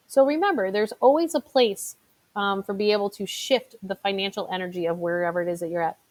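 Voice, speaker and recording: A woman's voice: medium pitch, brisk, a little mellow. A middle-aged woman, a financial advisor giving a motivational talk in a chatty storytelling way, full of fillers. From Chicago.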